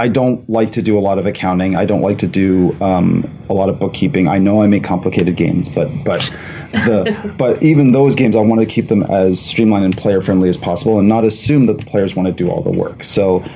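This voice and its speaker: A man's voice: low-pitched, steady tone, brisk, dark tone, a little hiss or hum, poor audio. A man talking casually as a game designer on a live panel, rambling with lots of fillers and restarts.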